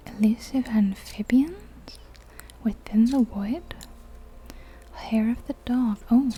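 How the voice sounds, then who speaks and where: Soft-whispering woman ASMR gamer. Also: on the high side, slow pace, slight background noise. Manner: soft, giggly, chatty. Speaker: ASMR game streamer. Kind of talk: whispered role-play.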